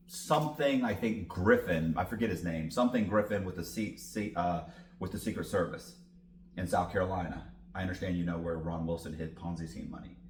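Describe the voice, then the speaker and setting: A man's voice: deep voice, darkish tone, echoey room, slight background noise. A man guest in an interview, telling a long story with lots of cursing and acted-out dialogue. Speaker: podcast guest.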